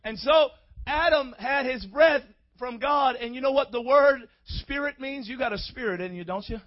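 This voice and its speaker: A male preacher giving a call-and-response sermon in church, swinging from quiet talk to shouting. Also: very high voice, moderate pace. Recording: dull lo-fi recording.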